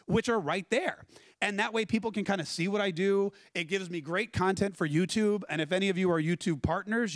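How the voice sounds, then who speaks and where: A man giving a conference keynote talk, telling stories in a lively, conversational way and putting questions to the audience. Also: high voice, no room sound. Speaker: keynote speaker. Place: conference stage.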